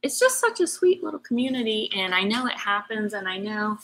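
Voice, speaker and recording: A woman hosting a craft show talks in a bright, forceful voice. Her chat to viewers is casual and heartfelt, and she rambles with emotion. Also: mid-range voice, big pitch swings, a little fast, rough recording. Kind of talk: casual live-stream chat.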